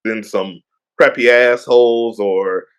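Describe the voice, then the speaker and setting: A middle-aged man in a loose, joking podcast conversation. His voice sits at an ordinary pitch, and he explains things patiently between jokes. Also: fairly even intonation, takes it slowly, smooth. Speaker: podcast co-host. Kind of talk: casual chat.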